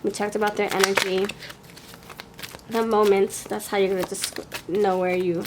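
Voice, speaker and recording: A woman's voice: medium pitch, level tone, normal speed, noisy background. Chatty woman with a New York accent. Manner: chatty, thinks aloud, laughs often. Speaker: tarot reader. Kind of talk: pick-a-card tarot reading.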